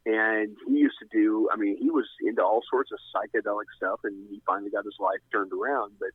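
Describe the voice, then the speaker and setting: Husky man rambling on a phone line. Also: lowish voice, steady tone, brisk, no room sound. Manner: rambling, with many restarts. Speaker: guest. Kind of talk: casual storytelling. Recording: tinny, dry phone line.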